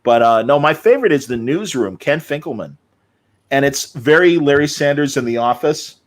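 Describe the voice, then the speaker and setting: A man's voice: fairly high pitch, animated, normal speed. A man hosting a casual podcast chat, telling rambling, enthusiastic stories and acting out what people said. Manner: rambling, enthusiastic storyteller who acts out quotes. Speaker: podcast host.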